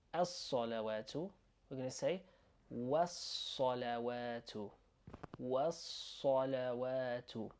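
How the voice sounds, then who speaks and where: A man teaching an online language lesson, slowly repeating words and sounds for the learner to copy. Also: medium pitch, warm tone. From United Kingdom. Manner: slow, repeating words and sounds to drill pronunciation. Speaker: Arabic teacher.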